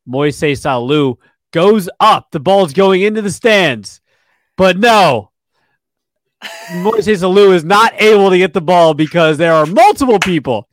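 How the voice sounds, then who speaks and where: In his twenties, this man co-hosts a sports podcast, chatting casually and telling relaxed stories packed with fillers. His voice sits on the high side, and there's no echo.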